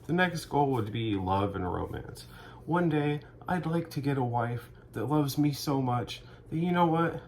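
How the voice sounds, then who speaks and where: A man in a rambling, deadpan comedic monologue, sarcastic and profane, acting out both sides of made-up conversations. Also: medium pitch, slight background noise. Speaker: vlogger.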